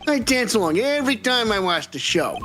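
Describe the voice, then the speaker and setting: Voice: medium pitch, very animated, brisk, a bit bright, soft background music, voice pushed up. A fan performer doing a gushing young assistant. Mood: excited. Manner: eager and gushing. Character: excitable young male assistant, starstruck fan.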